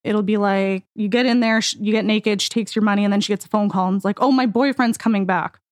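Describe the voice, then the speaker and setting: A woman's voice: medium pitch, little pitch movement, fast. A woman hosts a podcast interview in an easy conversational tone. She is given to dry, sarcastic asides. The recording is dry, with no room echo. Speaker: podcast host.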